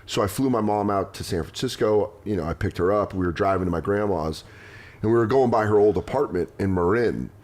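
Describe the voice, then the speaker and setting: A man's voice: lowish voice, darkish tone. A man hosting a podcast, telling rambling personal stories in casual chat and acting out quotes. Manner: rambling storytelling, quick vivid quotes. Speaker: podcast host.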